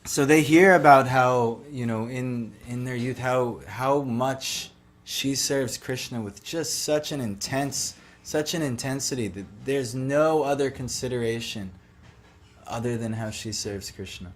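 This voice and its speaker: A man's voice: medium pitch, unhurried. A man giving a devotional talk, retelling a sacred story in a loose, conversational way full of "like" and "you know". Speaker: devotional speaker.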